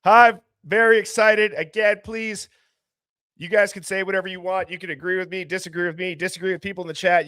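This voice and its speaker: A man with a fairly high voice hosts a live call-in stream, upbeat and joking, laughing easily between remarks. His voice is close and dry, with no room sound around it. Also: fairly bright tone, no room sound. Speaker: host of a live call-in show. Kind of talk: casual live-stream chat.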